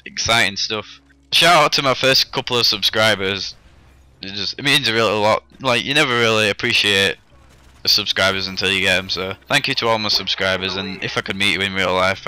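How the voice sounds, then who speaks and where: A man's voice: fairly low pitch, pushed and bright, dry recording. A young man chatting casually to viewers and rambling through a funny story with self-deprecating humour. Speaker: gaming YouTuber. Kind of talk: casual vlog storytelling over game footage.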